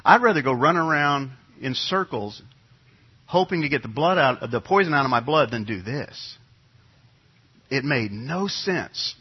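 Husky, animated male preacher. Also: mid-range voice, measured pace. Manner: animated storytelling, acts out crowd voices. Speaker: pastor. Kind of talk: sermon. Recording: dull lo-fi sound.

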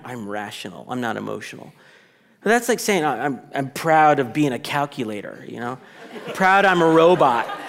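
A man preaching a sermon to a congregation in a conversational, animated way, often restarting his sentences and acting out quoted reactions. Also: fairly high pitch. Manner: conversational, animated, self-interrupting, with playful quoted asides. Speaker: pastor.

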